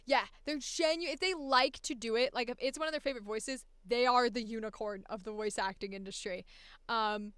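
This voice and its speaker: Bright, crisp-voiced woman voice actor. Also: on the high side, a little fast, no room sound. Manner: animated, chatty, laughs often. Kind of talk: casual chat about voice acting.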